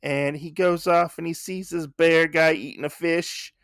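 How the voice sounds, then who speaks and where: Man, podcast host, casual comic recap, rambling, gravelly, dry room. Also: a little high, steady tone, unhurried, fairly bright tone, dry recording. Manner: rambling, restarts, swears casually.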